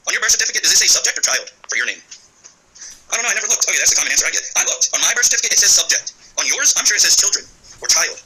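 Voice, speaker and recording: A man's voice: a little high, big pitch swings, very fast, bright, forceful tone, husky, rough recording. A man arguing insistently over the phone, agitated and swearing as he presses his case. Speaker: veteran caller. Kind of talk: heated phone call. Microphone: phone call recording.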